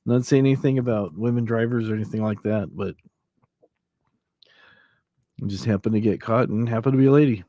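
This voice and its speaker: A man's voice: mid-range voice, quick pace, warm tone, no room sound, dull audio. A man hosting a casual late-night livestream, rambling and laughing as he chats with viewers, his throat a little scratchy from allergies. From Southern California. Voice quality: slightly scratchy. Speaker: livestream host. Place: old house.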